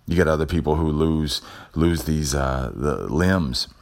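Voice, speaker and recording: A man's voice: very deep voice, measured pace, creaky. A man hosting a show and giving a motivational talk, repeating himself with an emphatic, preacher-like cadence. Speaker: podcast host.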